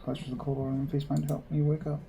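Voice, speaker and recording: Wry, gravelly man reading a game aloud. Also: fairly high pitch, monotone, racing, noisy background. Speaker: gamer playing a visual novel. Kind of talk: reading a visual novel aloud with commentary.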